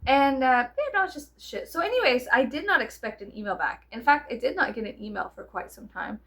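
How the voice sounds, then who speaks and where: A woman talks to camera in a loose, rambling chat, laughing often and swearing freely. Her voice is bright, a little high, and full of fillers and silly quoted voices. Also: expressive, brisk. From South Texas. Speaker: vlogger.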